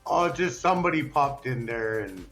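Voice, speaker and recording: A man's voice: medium pitch, lively intonation, moderate pace, a bit bright, faint music behind. A man in a live-stream chat, blunt and swearing, checking in on viewers. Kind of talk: casual chat.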